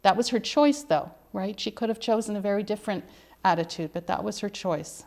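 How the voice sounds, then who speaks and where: A woman's voice: medium pitch, brisk, gravelly, darkish tone. A middle-aged woman, an author being interviewed, telling her family's story in an earnest, emphatic way. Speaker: author guest. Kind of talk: interview conversation.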